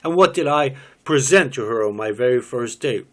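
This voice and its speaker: Dry, sardonic gay young man, quiet and understated, as a male reader plays him. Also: mid-range voice, lively intonation, normal speed, lightly acted. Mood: wry. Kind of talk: cold reading of a stage play.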